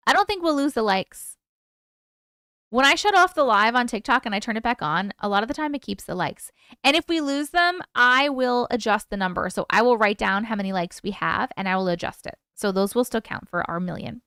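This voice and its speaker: A woman hosting a live stream in a casual, chatty way, reading out and answering viewers' comments and urging them to vote. Her voice sits a little high and sounds smooth and clear. The sound is dry and close, with no room echo. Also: expressive, brisk, bright, forceful tone. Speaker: livestream host. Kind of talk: casual livestream chat with viewers.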